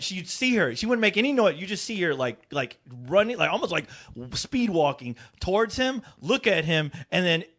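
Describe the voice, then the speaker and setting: A man's voice: normal speed, hardly any pauses. A man on a podcast telling a funny story in casual chat. He laughs a lot and swears freely. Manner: animated, laughing, swears freely, jumps into high voices for quoted people. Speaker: podcast co-host.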